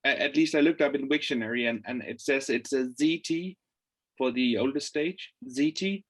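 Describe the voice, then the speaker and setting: A man with a mid-range voice speaks up as a student on a video call. He chats casually, pausing on small hesitations as he adds his points. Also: mid-range voice. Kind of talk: online class discussion.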